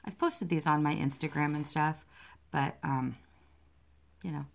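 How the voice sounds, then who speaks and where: A woman's voice: deep voice, a little slow, vocal fry, pauses often, a little hiss or hum. A woman vlogging casually about her cross-stitch designs, rambling, self-deprecating and easily distracted by her pets. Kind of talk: casual chat while stitching.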